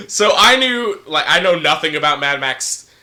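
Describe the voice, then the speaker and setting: A man's voice: on the high side, expressive, unhurried, pushed and bright. A man co-hosting a casual movie review chat in an exaggerated radio voice, swearing constantly.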